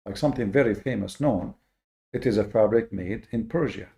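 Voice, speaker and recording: A man hosting a lecture-style monologue with a gravelly edge to his voice. His tone is mellow and dark, and he leans hard on key words with slow, deliberate emphasis, stumbling through fillers and repeated words. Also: on the low side. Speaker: host.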